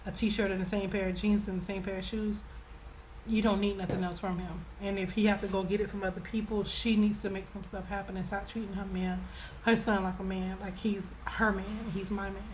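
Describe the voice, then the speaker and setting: A young adult woman vlogger telling a casual storytime in a chatty, animated way, laughing often between sentences. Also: mid-range voice, fairly quick, slight background noise, rough recording.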